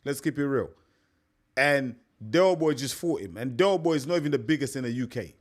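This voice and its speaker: A man's voice: medium pitch, animated, a little fast. A young man hosting a live stream, chatting casually and repeating himself, calling his listeners mate. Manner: chatty, repetitive, peppers talk with "mate".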